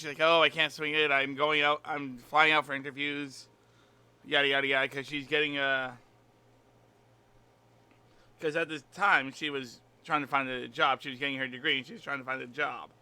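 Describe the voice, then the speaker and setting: A man's voice: on the high side, little pitch movement, moderate pace, sharp tone, clean tone. A man in casual chat at a tabletop game, telling a rambling story with restarts.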